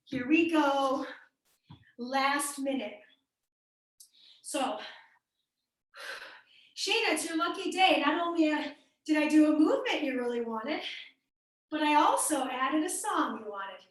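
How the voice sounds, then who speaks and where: A young female fitness instructor with an American Midwestern accent leads a live workout class, her high voice bright, upbeat and encouraging as she counts down and cheers on members by name. She is expressive and unhurried, pausing often, and sounds distant from the mic in a very echoey room.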